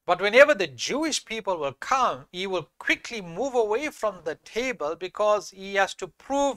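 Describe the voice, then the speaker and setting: High-voiced emphatic male preacher. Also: sing-song, normal speed, few pauses, fairly bright tone, no room sound. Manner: emphatic, repeats key phrases, reads scripture aloud. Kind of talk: sermon.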